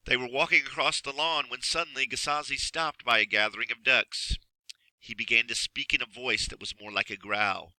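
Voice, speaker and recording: Bright-voiced man reading a storybook. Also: medium pitch, no room sound, low-quality recording. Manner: expressive and measured. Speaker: narrator.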